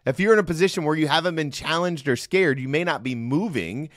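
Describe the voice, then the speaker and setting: A man's voice: on the high side, fairly quick, no room sound, clean studio sound. A middle-aged man hosting a solo Christian podcast, talking earnestly and conversationally and checking in with the listener often. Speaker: podcast host. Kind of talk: solo devotional podcast talk.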